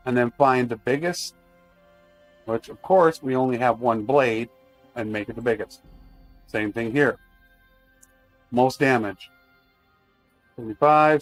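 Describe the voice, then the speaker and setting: Man streamer, mid-pitched voice, relaxed running commentary to chat over faint music. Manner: chatty, talks to chat while playing. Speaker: game streamer. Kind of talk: casual live-stream commentary.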